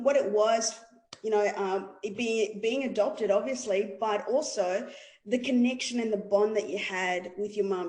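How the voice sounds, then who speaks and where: A woman's voice: mid-range voice, darkish tone. Female podcast host, rambling eager questioner, echoey room. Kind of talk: interview. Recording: roomy echo.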